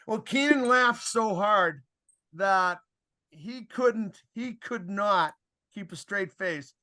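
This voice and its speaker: This older man, once a referee, speaks slowly in a high-pitched voice with long pauses. His casual podcast stories are animated, with quoted exchanges acted out and plenty of chuckling.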